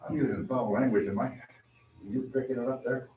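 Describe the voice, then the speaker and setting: A man's voice: mid-range voice, fairly even intonation, a little fast, background noise. A man in his eighties chatting in a gym, telling rambling stories with lots of restarts. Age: 80s. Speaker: guest. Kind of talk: casual chat, storytelling. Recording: roomy, distant from the mic.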